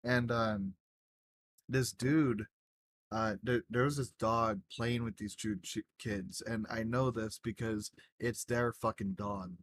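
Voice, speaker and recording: A man's voice: lowish voice, steady tone, takes it slowly, a little hiss or hum. A young man in casual chat, rambling through a story with lots of fillers and swearing. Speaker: gaming group member telling a story.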